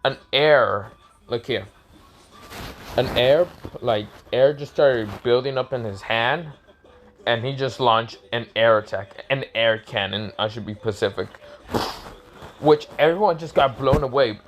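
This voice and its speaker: A man's voice: mid-range voice, a little slow, a little hiss or hum. Young guy rambling through a made-up story, lots of ums and self corrections. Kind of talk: casual improvised storytelling.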